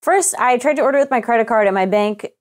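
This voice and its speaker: A woman's voice: a little high, fast talker. A young woman co-hosting a podcast, telling a frustrating story with casual swearing and acted-out quotes. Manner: animated storytelling, swears freely, acts out quoted exchanges. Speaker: podcast co-host. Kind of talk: casual chat.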